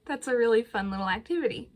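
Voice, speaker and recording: This is a woman leading a children's library storytime, seated in front of a camera. Her voice sits a little high and she takes her time, shaping every line in a gentle sing-song. She leads rhymes and animal-sound games for young listeners. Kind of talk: reading aloud and leading songs for young children.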